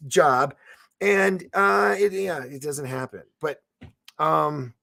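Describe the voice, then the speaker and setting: A man's voice: fairly high pitch, slow, gravelly, sharp tone. A man hosting a live online show, chatting casually, reading viewer comments, and rambling with frequent restarts and laughs. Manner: rambling, self-interrupting, laughs often. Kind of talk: casual live-stream chat.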